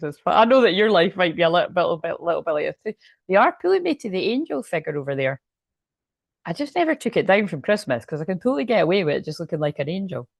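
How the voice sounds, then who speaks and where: A woman's voice: medium pitch, vocal fry, no room sound, studio quality. Chatty Scottish woman reading tarot. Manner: rambling, chatty, swears freely. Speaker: tarot card reader. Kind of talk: casual tarot reading to viewers. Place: room at home.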